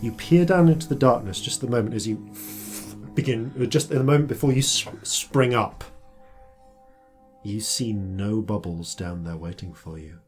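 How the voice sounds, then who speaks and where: Low-voiced man running a tabletop game. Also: moderate pace, soft background music. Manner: hesitant, many fillers and restarts. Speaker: game master.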